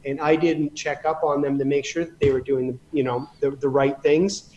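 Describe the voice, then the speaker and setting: Guy from canada telling long business stories, kinda high voice, rambly, keeps restarting. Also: level tone, moderate pace, warm tone, highs cut off, slight background noise. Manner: rambling, many restarts, emphatic asides. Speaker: podcast guest, real estate investor. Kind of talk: casual storytelling in conversation.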